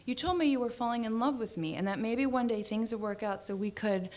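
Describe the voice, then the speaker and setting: A flustered woman, hurt and caught off guard, speaks in rushed bursts, as the author reads her lines in her own voice. Her words tumble out quickly. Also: on the high side, darkish tone, close to an everyday voice. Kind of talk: literary reading.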